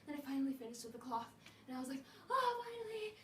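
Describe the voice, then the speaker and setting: A woman's voice: high voice, level tone, rapid-fire, darkish tone. A woman telling a rambling story in casual speech, full of "like", acting out the voices of the people in it. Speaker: vlogger. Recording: roomy echo, a bit distant, faint noise.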